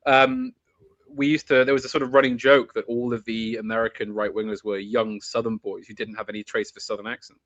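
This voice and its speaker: A man's voice: mid-range voice, steady tone, a little fast, fairly bright tone, no echo, highs cut off. A man hosting a podcast, chatting casually with a rambling, restart-filled delivery. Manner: rambling, many restarts and asides. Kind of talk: casual chat.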